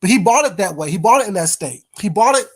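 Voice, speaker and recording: A man's voice: high voice, animated, fast talker, slightly rough. A man ranting on a casual livestream, blunt and heavy on the profanity. He tears into trolls, then breaks off to greet chat viewers by name before going back at it. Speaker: livestream host.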